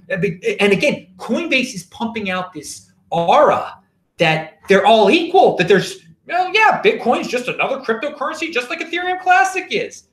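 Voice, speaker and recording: A man's voice: very high-pitched, big pitch swings, normal speed, fairly bright tone, reverberant. A man hosting his own video show, talking in an emphatic, sarcastic way with frequent restarts. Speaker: crypto video host. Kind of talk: casual opinionated monologue.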